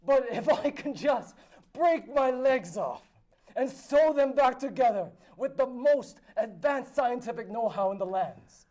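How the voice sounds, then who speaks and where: Man cast as a pompous, high-voiced noble raconteur, grand and theatrical, improvised live. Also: expressive, measured pace, a little mellow. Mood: boastful. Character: boastful male noble spinning absurd tall tales. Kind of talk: improvised tall-tale role-play. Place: live convention panel room.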